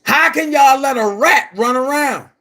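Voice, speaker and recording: Slow, heated high-voiced man. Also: pushed and bright. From Baltimore. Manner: confrontational, repetitive, calls listeners brother. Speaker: online commentator. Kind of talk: heated monologue to camera.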